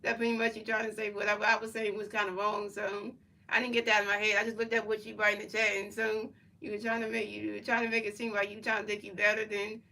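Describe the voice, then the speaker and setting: A woman's voice: medium pitch, little pitch movement, fast, bright, forceful tone, distant mic, low-quality recording. A woman streamer in casual chat, rambling and repeating herself as she answers her chat. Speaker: livestreamer.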